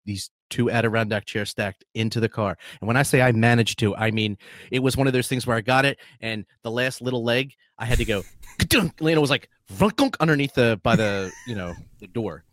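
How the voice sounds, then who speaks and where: A man's voice: medium pitch, brisk, dry recording, clean studio sound. A man co-hosting a casual podcast chat, telling a story with a lot of swearing and breaking into laughter often. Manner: laughing, profane, lively storytelling. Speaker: podcast co-host.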